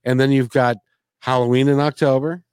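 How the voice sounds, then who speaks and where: A man's voice: mid-range voice, level tone, normal speed, darkish tone, smooth, no room sound. A man who drives a bus, co-hosting a casual chat, rambling and joking through a rant. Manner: rambling, jokey, ranting. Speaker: podcast co-host, bus driver.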